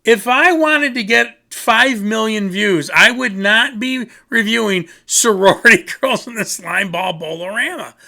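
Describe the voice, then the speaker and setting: A rambling, goofy man talks casually about music. His voice sits a little high and sounds bright and forward. He keeps making fun of himself as he goes. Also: lively intonation, unhurried, vocal fry, hardly any pauses. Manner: rambling, goofy, self-mocking. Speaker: music reviewer. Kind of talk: casual rambling video talk.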